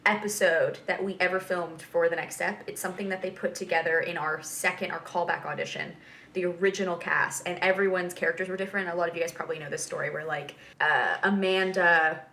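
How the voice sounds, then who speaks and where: Young female vlog host: bright tone, chatty and giggly, casual. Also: on the low side, fairly even intonation, fairly quick, a little hiss or hum. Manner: chatty and giggly, lots of fillers and asides. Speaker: vlog host reacting to a TV episode. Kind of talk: casual reaction chat.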